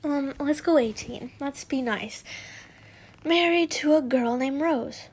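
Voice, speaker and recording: A woman's voice: high-pitched, takes it slowly, a little mellow. A woman reading fanfiction aloud in a casual way, giggling, swearing and tripping over words as she comments. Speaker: fanfiction reader.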